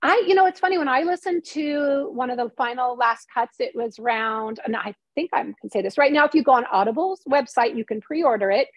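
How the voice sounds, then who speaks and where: A middle-aged woman, a guest on an interview show, telling stories in lively casual chat and acting out the lines of people she quotes. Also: high voice, brisk, hardly any pauses, no room sound. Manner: animated storytelling, acts out quoted dialogue. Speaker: interview guest, novelist and screenwriter.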